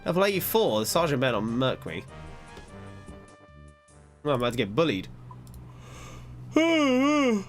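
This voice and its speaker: A man's voice: mid-range voice, very animated, brisk, long pauses, soft background music. Rambling self-deprecating male streamer. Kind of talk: casual gaming commentary.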